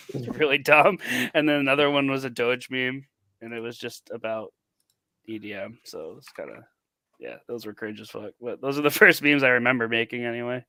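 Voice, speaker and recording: A man co-hosting a casual chat, halting and hesitant with many fillers. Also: medium pitch, sharp tone, dry recording. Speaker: co-host.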